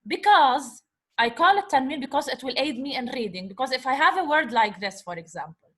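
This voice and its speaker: A woman's voice: high voice, animated, a little fast, sharp tone, breathy edge. A woman teacher giving a patient lecture, often checking in with "okay?". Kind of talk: classroom lecture.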